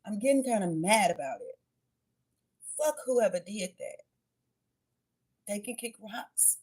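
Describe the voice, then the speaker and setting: A woman's voice: medium pitch, animated, takes it slowly, darkish tone, husky. A woman giving a casual tarot and oracle card reading to her viewers, chatty and blunt, swearing freely and calling them babies and y'all.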